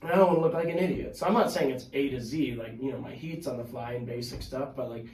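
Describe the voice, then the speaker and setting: A man guesting on a podcast, telling his stories in casual chat, animated and full of fillers, swearing freely. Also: medium pitch, fast. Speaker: podcast guest, pro wrestler. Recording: echoey room, mic at a distance.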